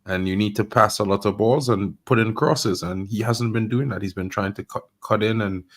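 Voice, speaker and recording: A man on a fan panel giving measured opinions in a casual chat. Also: fairly low pitch, fairly even intonation.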